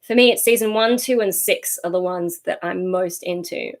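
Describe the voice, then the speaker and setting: A woman's voice: on the low side, normal speed. A young Australian woman chatting casually on a livestream, rambling and easily sidetracked as she reads and answers viewer comments.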